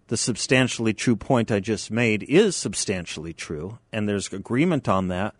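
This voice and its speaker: A man's voice: mid-range voice, dry recording. A man hosting a talk radio show, emphatic and given to repeating his key phrases. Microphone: studio microphone.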